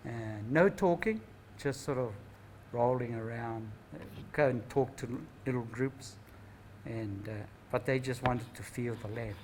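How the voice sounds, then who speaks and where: The recording is rough, with a little hiss or hum, as an older New Zealand-accented man recounts family stories at a Māori knowledge gathering. His mid-range voice is unhurried and darkish in tone, and he reflects in a rambling way, regularly tacking on "eh?".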